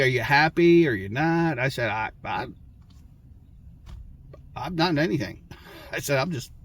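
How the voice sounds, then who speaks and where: A vlogger with a medium-pitched, slightly bright voice tells his viewers his own story. He's casual and frank, swearing a lot, restarting sentences and letting out short laughs.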